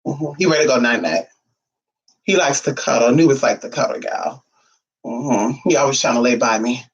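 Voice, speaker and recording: A man vlogging casually from home, sassy and profane, cooing baby talk at his dog, his voice a little hoarse. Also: medium pitch, normal speed, lo-fi sound. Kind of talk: casual chat to camera.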